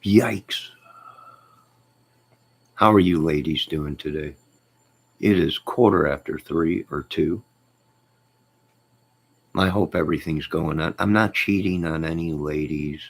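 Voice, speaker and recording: Very deep gravelly man joking on a stream. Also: measured pace, pauses often. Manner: joking, teasing, chuckling. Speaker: YouTube live streamer. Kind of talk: casual live-stream chat reading comments.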